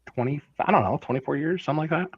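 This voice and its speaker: A man with a slightly high voice and a breathy edge talks rapid-fire as a podcast co-host in casual banter, laughing often and poking fun at himself. The recording is dry and dull lo-fi, with no room sound.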